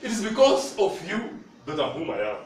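With huge pitch swings and a somewhat fast delivery, a high-voiced man preaches in a Kenyan accent, mixing Swahili with English and seeking the congregation's replies. Recorded from a distance in a church hall full of echo, the clip has a slight hiss or hum.

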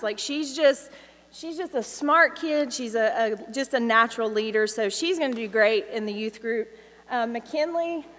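A woman who teaches children's ministry speaks casually and affectionately, with filler words, to a congregation in a church sanctuary. Her voice is fairly high and fairly bright, and the hall is reverberant with the congregation present.

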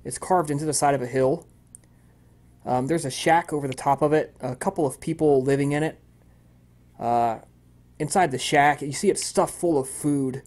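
A man's voice: on the high side, normal speed, a little mellow. A man narrating as game master of a tabletop role-playing game, with frequent ums and uhs.

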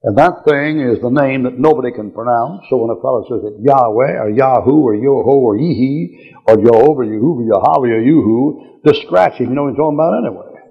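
Gravelly older preacher with a drawl. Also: male voice, medium pitch, brisk. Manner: folksy, blunt, chuckling asides. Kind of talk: bible teaching lecture. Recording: muffled old lecture tape.

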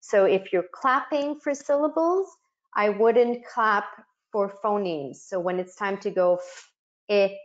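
A woman facilitating a webinar for child care educators, explaining practical activities step by step and modeling words the way she would for children. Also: medium pitch. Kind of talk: instructional webinar talk. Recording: muffled lo-fi webinar audio.

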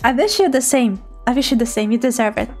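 A woman's voice: on the high side, fast talker, soft background music. A woman VTuber streamer chatting casually with her viewers, bubbly and giggly, teasing playfully between thank-yous.

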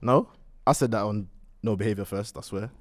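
A man on a football podcast panel, making defensive, deadpan asides. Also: fairly low pitch, a little fast. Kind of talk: casual football banter.

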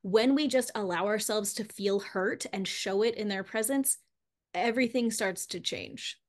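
A woman's voice: medium pitch, normal speed. A woman author talking candidly about her feelings in a podcast interview, with lots of fillers. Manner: candid, emotional, uses many fillers. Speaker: author guest.

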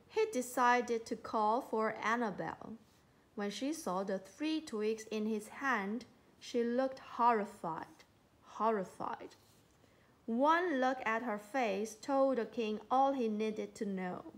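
A woman's voice: a little high, takes it slowly. A woman reading a children's storybook aloud, giving the quoted lines small voices. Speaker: storybook reader.

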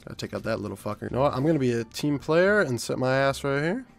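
Excitable young man swearing through gameplay. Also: mid-range voice, fast, creaky. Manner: excitable, swears a lot, swings from mumbling to yelling. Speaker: gaming YouTuber. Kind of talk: live gameplay commentary.

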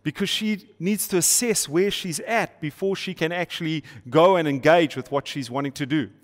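A middle-aged pastor preaches with emphatic, repeated rhetorical questions and light playful asides. His voice sits fairly high for a man. A long reverb trails each phrase, as in a large church auditorium. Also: normal speed. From South Africa. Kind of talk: sermon to an online audience.

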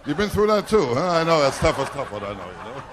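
A male stand-up comedian delivering rapid self-deprecating one-liners on a nightclub stage, often breaking in with "I tell you.". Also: medium pitch, big pitch swings. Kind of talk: live stand-up routine. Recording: noisy live club recording with crowd. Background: audience laughter and applause.

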